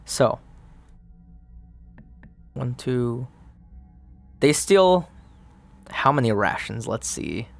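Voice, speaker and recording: A man playing a solo tabletop game, muttering dice counts aloud and narrating the results in a relaxed, casual way. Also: mid-range voice, extremely slow, gravelly, long pauses. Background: faint background music.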